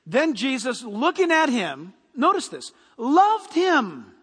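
A man preaching a sermon as a pastor, animated and full of rhetorical questions. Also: very high-pitched, slow pace, few pauses, husky, long reverb tail.

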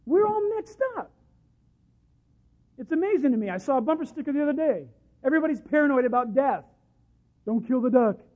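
A man's voice: very high-pitched, sing-song, fast talker, long pauses. A man preaching a sermon with passion, now and then acting out quoted voices. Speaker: pastor. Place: church service. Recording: tinny phone-like sound.

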